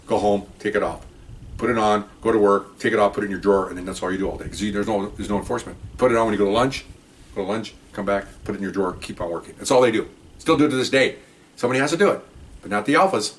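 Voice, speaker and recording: A man who is a former police detective, telling rambling anecdotes in a casual, animated way, full of restarts and retold conversations. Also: fairly low pitch. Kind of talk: casual spoken storytelling.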